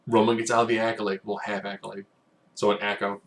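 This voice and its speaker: Man doing a casual recap, low-voiced. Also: level tone, quick pace. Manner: rambling, acts out quotes in bursts. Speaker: wrestling recap host.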